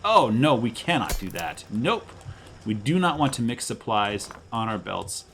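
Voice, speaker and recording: Guy with a cold doing gameplay commentary, gravelly and lively, jokey dad, slight background hiss. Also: lowish voice, a little slow. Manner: chatty, joking with his daughter. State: hoarse from a cold. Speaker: gameplay video host. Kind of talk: casual game commentary.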